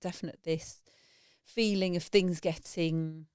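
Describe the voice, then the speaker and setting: A woman's voice: on the low side, steady tone, slow pace, darkish tone, clean tone, no room sound, studio quality. A woman co-hosting a parenting podcast, talking in a thoughtful, reflective way with laughs and restarts. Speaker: podcast co-host. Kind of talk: casual parenting chat.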